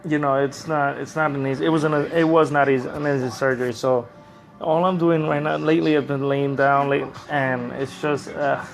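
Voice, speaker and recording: A man on a live stream, rambling and halting, in pain after oral surgery with a swollen cheek, talking from bed into a phone. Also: mid-range voice, steady tone, creaky, soft background music. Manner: rambling, halting, repeats words. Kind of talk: casual live-stream chat. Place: lying in bed at home. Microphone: phone camera.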